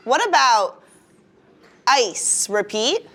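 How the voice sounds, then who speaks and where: A woman teaching a first-grade phonics lesson in a classroom, leading the class in call-and-response. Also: a little high. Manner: animated, drawn-out teacher voice with call-and-response prompts.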